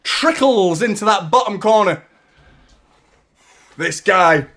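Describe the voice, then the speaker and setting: Excitable high-voiced male football fan. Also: slow pace. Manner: excitable, partisan, swears, shouts at big moments. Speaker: fan watchalong host. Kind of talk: live fan commentary on a match.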